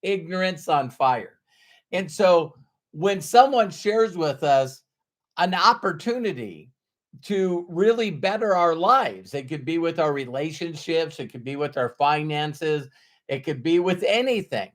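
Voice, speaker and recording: A man's voice: on the high side, animated, unhurried. A middle-aged man giving a motivational talk to camera, emphatic, repeating his key phrases for effect. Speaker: motivational speaker.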